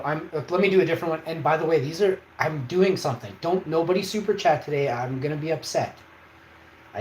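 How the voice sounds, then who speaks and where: A man hosting a livestream, talking in an emphatic, rambling way and often checking in with his viewers. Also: fairly high pitch. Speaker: livestream host. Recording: echoey room, faint background noise.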